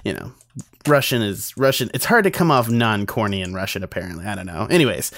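A man's voice: fairly low pitch, animated, fast talker, a bit bright, no room sound. A man co-hosting a movie podcast in casual chat, rambling and restarting his sentences. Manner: rambling, self-interrupting, repeats words. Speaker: podcast co-host.

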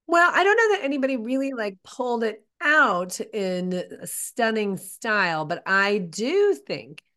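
Animated woman podcast co-host. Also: fairly high pitch, a little slow. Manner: animated, talks in stops and restarts. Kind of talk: casual chat.

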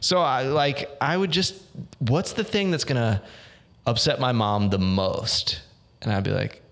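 A man's voice: mid-range voice, unhurried, fairly bright tone. A young man co-hosting a podcast, telling stories in a rambling, self-mocking way with lots of "like" and restarts. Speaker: podcast co-host. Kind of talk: casual chat.

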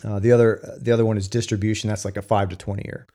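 A man with a fairly low voice talks through legal cases in a loose, halting way. He stops and restarts often and leans on fillers. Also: flat delivery, warm tone. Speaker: co-host with legal case experience. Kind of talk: casual discussion.

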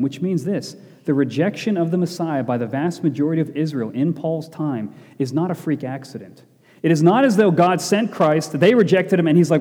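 Warm-voiced preacher in an echoey hall. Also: male voice, a little high, lively intonation, moderate pace. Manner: emphatic, repeats key phrases, asks rhetorical "right?". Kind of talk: expository Bible sermon. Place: church hall with congregation. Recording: long echoey hall reverb.

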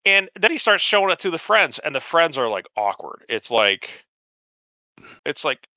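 A man's voice: a little high, very animated, moderate pace, pushed and bright, no room sound, muffled recording. A man in his forties telling a long, profane, rambling anecdote on a casual podcast, acting out the quotes of people he met. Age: 40s. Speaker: podcast host. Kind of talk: casual storytelling chat.

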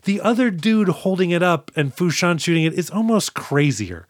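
A rambling man with a somewhat high voice, co-hosting a casual movie podcast. He retells scenes loosely and curses freely. The sound is close and dry, with no room around it. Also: big pitch swings, no echo. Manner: rambling, profane, retells scenes with quick put-on quotes. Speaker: podcast co-host. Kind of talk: casual movie recap chat.

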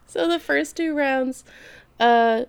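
A woman in casual chat recapping an anime, an animated storyteller who swears freely and laughs often. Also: high-pitched, slow pace, gravelly. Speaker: podcast co-host.

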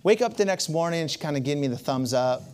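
A man's voice: a little high, fast talker, a little mellow. Man, pastor, sermon, personal story, conversational, asides to the listeners.

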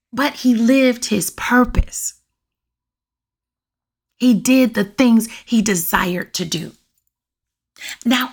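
A middle-aged woman hosting her own podcast, talking to listeners in a lively, preachy way and calling out to them often, with a voice that turns raspy at times. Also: mid-range voice. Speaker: podcast host. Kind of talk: casual solo podcast monologue. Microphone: USB condenser mic.

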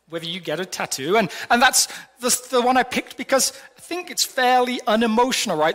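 A man's voice: high voice, pushed and bright. A middle-aged man preaching a sermon to a congregation in a conversational, playful way, asking many rhetorical questions. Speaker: pastor. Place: large hall before a congregation. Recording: long hall reverb.

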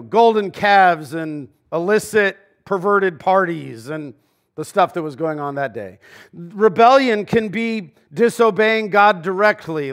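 A man's voice: high voice, a bit bright. A man, a pastor, giving a sermon in a casual, conversational way with slang asides. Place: church.

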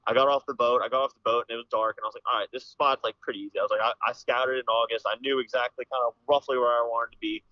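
A man's voice: mid-range voice, fairly even intonation, very fast, hardly any pauses, no echo. A young man from Pennsylvania, a podcast guest telling a hunting story in a rambling, casual way, full of "dude" and "like.". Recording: slightly dull, lo-fi podcast audio.

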